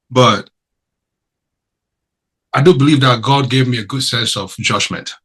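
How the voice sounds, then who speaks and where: Husky man asking rhetorical questions. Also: mid-range voice, a bit bright, poor audio. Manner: emphatic, full of rhetorical questions. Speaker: podcast co-host. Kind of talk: casual podcast chat.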